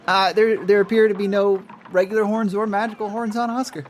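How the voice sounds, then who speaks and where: A man running a tabletop game as game master, laughing often and giving quick rulings. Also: high-pitched, little pitch movement, slight background noise.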